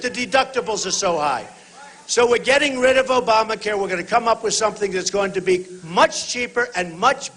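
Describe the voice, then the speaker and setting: A man giving a campaign rally speech on a stage microphone in a large venue. He speaks emphatically in short repeated phrases, often shouting to the crowd and calling them folks. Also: extremely high pitch, husky, rough recording. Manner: talks directly to the audience, addressing them as folks. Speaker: political candidate speaking at a rally.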